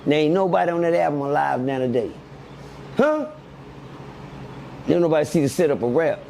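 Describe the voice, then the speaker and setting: Gravelly guy, middle-aged, kinda high voice, preachy storytelling, faint hiss behind. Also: fairly quick. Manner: animated, preachy, laughs often, repeats lines for emphasis. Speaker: podcast guest. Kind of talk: casual storytelling chat.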